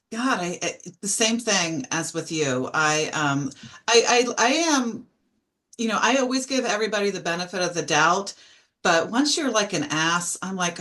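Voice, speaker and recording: A woman's voice: on the low side, a bit bright. A woman talking as a guest on a group talk show, candid and hesitant, with many fillers. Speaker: guest publisher. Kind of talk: casual group chat.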